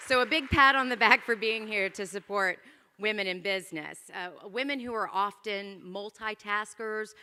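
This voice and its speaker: Bright-voiced woman emceeing a gala. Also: mid-range voice, unhurried, clear, resonant tone, a faint crowd. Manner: playful, joking asides to the audience. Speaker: master of ceremonies. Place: large event hall. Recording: hall reverb from a PA system.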